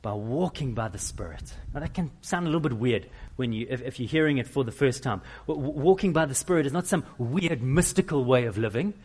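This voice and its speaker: A middle-aged man preaching a sermon, with animated, self-deprecating storytelling. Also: medium pitch, a little fast, hardly any pauses, breathy edge. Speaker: pastor.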